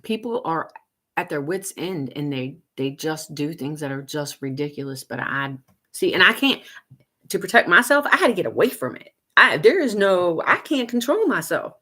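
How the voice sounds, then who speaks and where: Lady in her 50s just hanging out on a livestream, lowish voice, chatty, laughs a lot, reads comments out loud. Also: moderate pace, slightly rough. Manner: chatty and animated, laughs often, big swings up in pitch when teasing viewers. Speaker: homesteading livestream host. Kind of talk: casual livestream chat, reading viewer comments.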